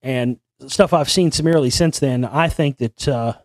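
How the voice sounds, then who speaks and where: A man's voice: mid-range voice, moderate pace, no echo, clean studio sound. A male host telling a long story in a meandering, conspiratorial way, often restarting his sentences. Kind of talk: rambling storytelling monologue.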